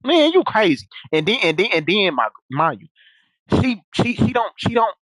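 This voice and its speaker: Rambling young male streamer, lively pitch. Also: normal speed, no room sound, clean studio sound. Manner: rambling, full of restarts and asides. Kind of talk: casual storytelling to chat.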